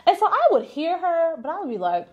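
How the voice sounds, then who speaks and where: A woman's voice: extremely high pitch, big pitch swings, brisk, highs cut off. A young adult woman and business owner telling a personal story candidly and conversationally, acting out the voices she quotes.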